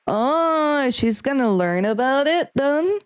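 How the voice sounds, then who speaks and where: A young woman with a slightly high voice reads visual novel text aloud during a stream. Between lines she chats and speculates, thinking out loud in a casual way. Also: animated, takes it slowly, low-quality recording. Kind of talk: reading game text aloud and casual commentary.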